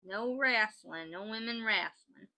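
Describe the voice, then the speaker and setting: A woman's voice: mid-range voice, a little slow, creaky, sharp tone, rough recording. A woman hosting a crafting channel, chatting casually and joking as she reads out odd laws. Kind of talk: casual chat while crafting.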